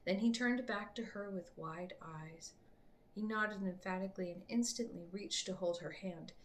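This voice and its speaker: A woman reading her own book aloud to her family in an unhurried way, slipping into soft whispers. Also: medium pitch, a little hiss or hum.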